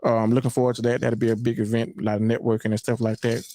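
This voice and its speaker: A man's voice: medium pitch, level tone, fast talker, warm tone. A man hosting a podcast, talking loosely in a casual chat with many fillers and restarts. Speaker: podcast host.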